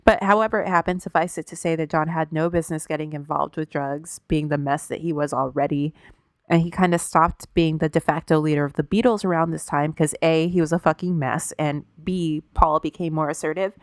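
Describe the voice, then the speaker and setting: A woman with a lowish voice recaps a story for her co-host in relaxed podcast chat. She swears freely and pads her sentences with casual fillers. The sound is dry and close, with no room around it. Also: brisk, dry recording. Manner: casual and profane, with lots of "like" fillers.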